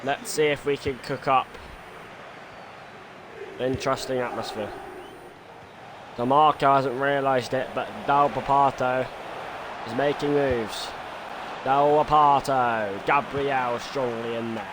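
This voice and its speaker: A man streaming a football video game, doing his own match commentary that swings from quiet musing to shouted goal calls. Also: mid-range voice, steady tone, slow pace, pauses often. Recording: noisy background ambience.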